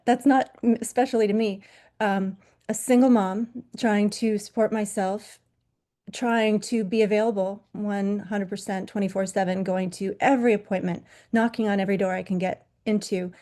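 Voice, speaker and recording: A middle-aged woman speaking at a mid-range pitch for a woman, sharing a personal story at a virtual conference. She is candid and pokes fun at herself. She pauses and uses fillers as she goes. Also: mellow. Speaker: yoga teacher.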